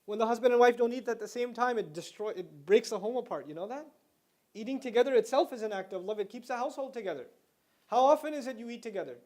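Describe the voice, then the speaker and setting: A man's voice: very high-pitched, expressive, quick pace, a little mellow. A middle-aged man giving a religious lecture to students in a conversational way, explaining terms and slipping into slang. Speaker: Islamic lecturer.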